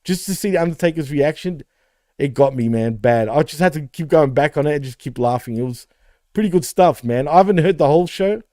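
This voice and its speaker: A man's voice: on the high side, lively intonation, a little fast, warm tone, no echo, studio quality. Laughing, swearing man co-hosting a podcast. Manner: laughs often, swears freely, calls people bro and man. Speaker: podcast co-host. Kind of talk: casual chat.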